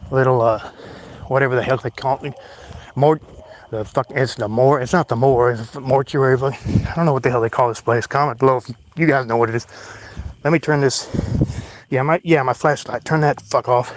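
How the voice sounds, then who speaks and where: Man, from Oklahoma, rambling and cursing, night walk outdoors, phone mic, faint hiss. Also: medium pitch. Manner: profane, rambling, self-deprecating, talks to viewers. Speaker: livestream vlogger. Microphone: handheld phone.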